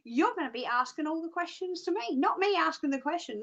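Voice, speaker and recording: Woman, from Australia, phone-in presenter, chatty and self-mocking, high bright voice. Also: animated, a little fast, few pauses. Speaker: psychic show presenter. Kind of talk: live phone-in show presenting.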